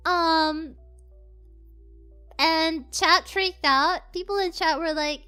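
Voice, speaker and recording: Very high, bright, giggly streamer. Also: steady tone, extremely slow, soft background music. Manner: giggly, greets chat members by name. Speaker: live streamer. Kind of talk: casual live-stream chat.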